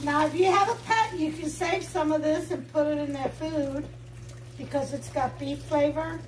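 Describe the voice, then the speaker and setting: A woman with a Brooklyn accent hosting a home cooking show, chatting warmly to viewers as she demonstrates a recipe. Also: high-pitched, steady tone, moderate pace, a little hiss or hum. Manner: chatty, enthusiastic, talks to viewers. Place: home kitchen.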